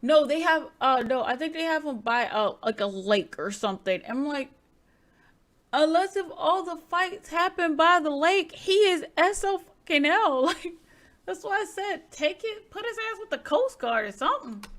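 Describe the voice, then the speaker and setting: Reaction host, woman, high voice, blunt offhand comments. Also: lively intonation, normal speed, a bit bright. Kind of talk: casual reaction chat.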